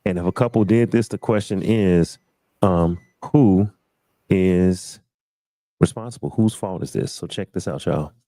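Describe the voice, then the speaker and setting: A man hosts a casual live discussion, his voice low and mellow. He keeps putting questions to the panel in a loose, chatty way. The sound is dry. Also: unhurried, no echo. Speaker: live stream host.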